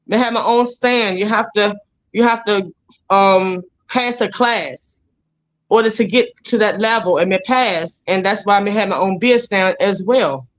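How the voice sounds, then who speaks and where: A woman's voice: medium pitch, measured pace. A woman with a Jamaican accent telling her story as an interview guest, blunt, profane and rambling.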